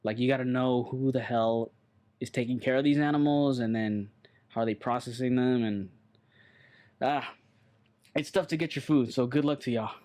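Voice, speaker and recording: A man's voice: medium pitch, normal speed, pauses often, a little mellow. Rambling, blunt man chatting casually. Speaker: podcast co-host. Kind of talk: casual chat.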